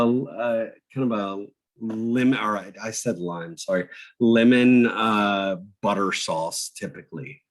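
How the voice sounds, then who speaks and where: A man teaching a cooking class over a video call, talking slowly with many fillers and restarts. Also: fairly low pitch, low-quality recording. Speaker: cooking instructor.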